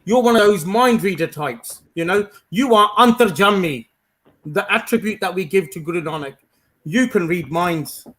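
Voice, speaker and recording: A man's voice: high voice, normal speed, a bit bright, poor audio. A man on a live panel chat, laid-back, laughing often and slipping into Punjabi. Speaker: panel participant.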